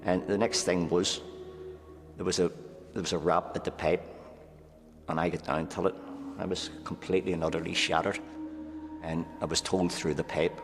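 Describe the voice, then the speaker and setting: Deep, flat-voiced man. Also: moderate pace, pauses often. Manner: earnest, fills speech with "here" and "right?". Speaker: former prisoner. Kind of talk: recollection in interview. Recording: long hall reverb, faint music.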